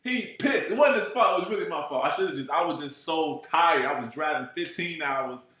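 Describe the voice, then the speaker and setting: Animated man telling a street story in an echoey room. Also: a little high, moderate pace. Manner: animated, profane, streetwise slang, keeps asking "you know what I'm saying". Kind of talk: casual storytelling.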